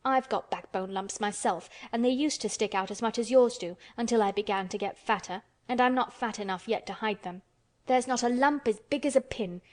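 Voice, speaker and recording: A woman reading an audiobook voices a fierce, bossy little girl who shouts and scolds. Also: a little high, fairly quick, close to an everyday voice. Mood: stern.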